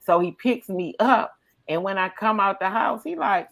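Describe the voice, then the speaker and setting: A woman's voice: medium pitch, normal speed, gravelly. A woman hosting a comedy podcast, chatting casually and acting out the people in her stories. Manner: animated storyteller acting out quotes. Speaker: podcast host.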